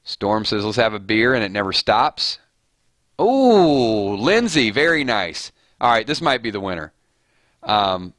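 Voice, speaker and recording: A man hosts a loose, playful livestream, reading viewer comments aloud and weighing in on each one. His voice is bright and forceful, a little on the low side, and it sits dry and close to the mic. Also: sing-song, a little slow, no room sound. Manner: playful, reads chat rhymes aloud and judges them. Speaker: livestream host.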